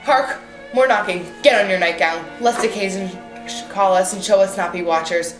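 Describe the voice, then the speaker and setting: A woman's voice: mid-range voice, normal speed, lightly acted. A woman playing a steely, scheming noblewoman, far and echoing. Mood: urgent. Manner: firm, urging, commanding. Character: scheming, commanding noblewoman, cold and resolute. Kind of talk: stage acting of verse drama. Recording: echoey room, voice far from mic, faint music.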